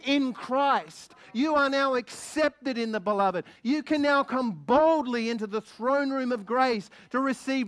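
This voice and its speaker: A man preaching a sermon as a guest minister, excitable and lively, asking the congregation many questions. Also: extremely high pitch. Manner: excitable, quickens when stirred.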